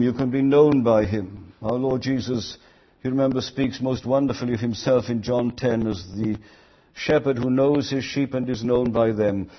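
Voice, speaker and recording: Older husky man preaching a sermon. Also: medium pitch, muffled recording. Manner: earnest, builds to emphatic quoted lines.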